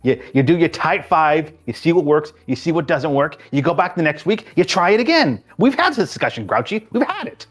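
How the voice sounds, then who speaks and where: A man's voice: a little high, big pitch swings, brisk, hardly any pauses, fairly bright tone, faint music behind. A man playing an exasperated lecturing boss. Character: harried male boss of a clown, exasperated. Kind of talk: improvised comedy sketch.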